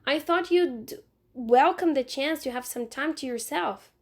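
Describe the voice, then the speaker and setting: A woman's voice: high-pitched, unhurried. A woman reading aloud and voicing a mother who speaks in a mild, matter-of-fact way. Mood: calm. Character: calm practical mother of two boys.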